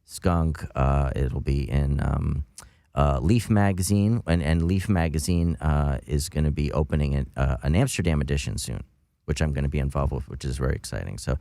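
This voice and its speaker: A man talking as a guest on a casual podcast, halting with many ums and uhs. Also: rumbling low, vocal fry, dark tone, no room sound, studio quality.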